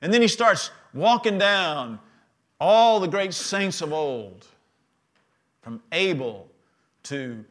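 Bright-voiced preaching man. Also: high voice, expressive, slow pace, long pauses. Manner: call-and-response preaching, swings from loud to soft. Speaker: pastor. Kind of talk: sermon.

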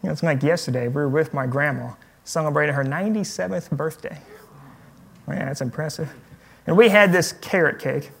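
A pastor preaching a sermon on prayer, in a conversational tone with light humor. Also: male voice, a little high, brisk, gravelly, breathy edge.

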